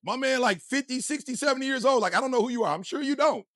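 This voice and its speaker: A man giving a motivational speech, energetic and preachy, full of slang and talking straight to the crowd. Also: very high-pitched, quick pace, dry recording, studio quality. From Detroit, USA. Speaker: motivational speaker.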